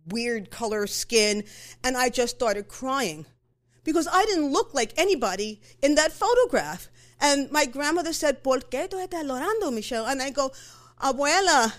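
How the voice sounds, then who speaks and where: A middle-aged woman tells a story from her own life. Her voice sits a little high. She talks conversationally, with fillers and quick self-corrections. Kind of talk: live personal storytelling.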